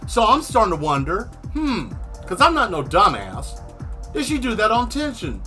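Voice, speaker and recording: A man hosting a casual stream, telling a long exasperated story with plenty of swearing and animated asides. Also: high-pitched, moderate pace, faint music behind. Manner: exasperated, profane, animated retelling. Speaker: host.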